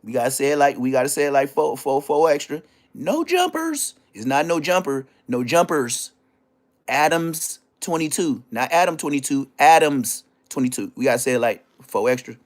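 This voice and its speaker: Talking at a quick pace with few pauses, a man hosting a livestream hurls a profane, taunting tirade at a rival. He alternates between deep growls and sharp high yelps throughout the rant.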